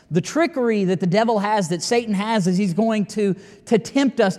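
A man preaching with a notably high voice, pressing his points hard and letting long pauses hang. His sermon rings out with a long, lingering reverb, as if filling a big church sanctuary. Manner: emphatic, rising to near-shouting at climaxes with long dramatic pauses. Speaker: pastor. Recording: long reverb of a large hall.

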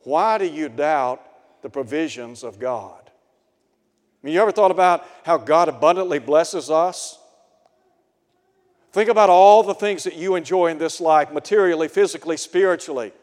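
A man with a voice on the high side and a darkish tone preaches an earnest sermon at normal speed, asking his listeners rhetorical questions. Long hall reverb surrounds the recording.

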